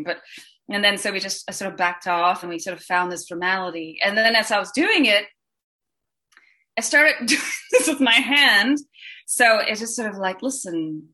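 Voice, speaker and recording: Bright, animated voice actress from Singapore. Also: female voice, mid-range voice. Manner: animated, rambling, many restarts and fillers. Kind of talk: panel Q&A answers.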